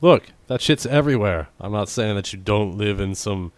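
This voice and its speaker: A man's voice: lowish voice, lively intonation, moderate pace, no echo. A man co-hosting a casual podcast, joking around and reading strange news stories aloud with sarcastic asides. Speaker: podcast co-host.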